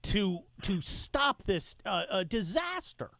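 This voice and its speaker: A man's voice: sits high, sing-song, slow, creaky, bright, forceful tone, no echo. A middle-aged man guest-hosting a talk radio show, speaking fervently and heatedly with frequent restarts.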